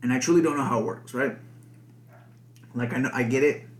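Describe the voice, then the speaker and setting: A man's voice: medium pitch, fairly quick. A young man hosting a podcast alone, rambling casually with lots of swearing and filler words. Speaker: podcast host. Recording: echoey room.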